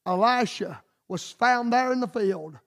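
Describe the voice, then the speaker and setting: A man's voice: very high voice, animated, a little slow, fairly bright tone. A man preaching a fervent sermon with emphatic, rhythmic repetition.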